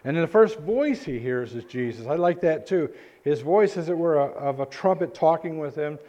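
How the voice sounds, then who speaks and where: A male pastor preaching a sermon in a church, earnest and halting, with frequent restarts. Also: a little high, animated, warm tone. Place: church sanctuary.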